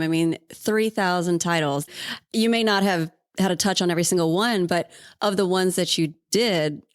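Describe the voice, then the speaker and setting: Brief: woman host, lowish voice, dry close sound, curious questions. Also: dry recording. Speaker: podcast host. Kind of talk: interview questions.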